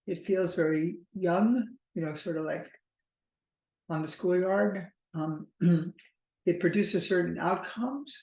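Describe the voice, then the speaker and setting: A woman therapist talking to the camera in a slow, careful way, often pausing and restarting her sentences. Her voice carries the ring of a bare, echoey room. She sounds reflective and explanatory. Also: lowish voice, a little mellow. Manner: measured and thoughtful, slow stretches with frequent restarts and fillers. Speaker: relationship therapist.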